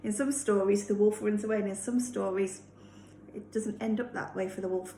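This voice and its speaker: A woman, a teacher reading a storybook aloud to children, gently explaining and asking them questions. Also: mid-range voice, steady tone, normal speed, slight background noise. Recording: echoey room.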